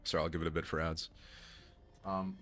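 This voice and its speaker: A man's voice: a bass voice, level tone, brisk, sharp tone, faint music behind. A man streaming a game, chatting casually, joking and swearing freely. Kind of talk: casual gaming stream commentary.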